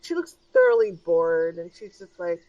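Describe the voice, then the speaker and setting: A woman's voice: on the low side, huge pitch swings, moderate pace, vocal fry, mellow, no room sound, recorded from a distance, lo-fi sound. A woman narrating a tabletop game as game master, in a casual, hesitant way with many fillers.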